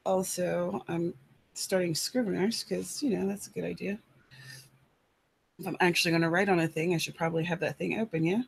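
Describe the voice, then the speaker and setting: A woman's voice: lowish voice, fairly even intonation, fairly quick, creaky, breathy edge. A woman with a lilt chats loosely to her audience about her writing. Her talk rambles and winds through fillers and restarts. She speaks from a room in her apartment. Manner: chatty, rambling, many fillers. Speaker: writer hosting a live chat. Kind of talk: casual live-stream chat.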